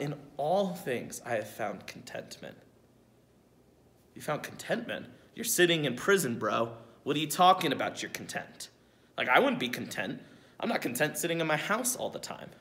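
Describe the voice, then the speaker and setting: A young man speaking as a camp youth speaker, giving a casual devotional lesson for kids in a relaxed, chatty way, asking rhetorical questions and checking in with his listeners. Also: fairly high pitch.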